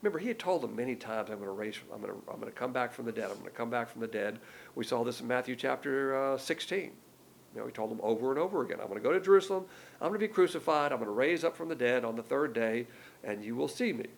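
A man's voice: medium pitch, quick pace, vocal fry, low-quality recording. A man teaching verse by verse from the Bible, explaining each passage in plain, conversational words and reading the verses aloud with more force.

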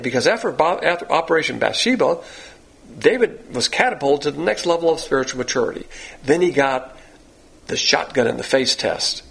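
Gravelly man preaching a sermon. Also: medium pitch. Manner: animated teaching, acting out quoted lines. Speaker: pastor.

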